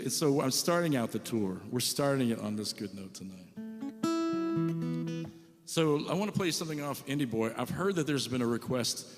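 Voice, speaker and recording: A man in his late forties, storytelling between songs at a church concert. His pitch sits mid-range, and he talks in a loose, jokey way with asides to the crowd. The sound carries a long hall reverb. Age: 40s. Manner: chatty, self-mocking, jokey asides to the crowd. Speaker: visiting musician. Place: church hall with live audience.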